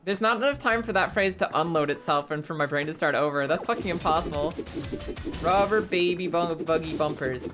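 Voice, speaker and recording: A young woman chats on a live stream in a playful, profane way, her voice sitting a little low. Music plays clearly under her talk. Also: fast talker, few pauses. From United States. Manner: playful, swears freely, stumbles over tongue twisters. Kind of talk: casual live-stream chat.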